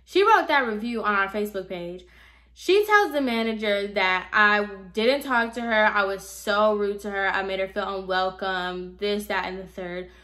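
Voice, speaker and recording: A young woman hairstylist telling a casual storytime rant, sassy and animated, acting out the people she quotes. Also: medium pitch, moderate pace. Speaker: hairstylist vlogger.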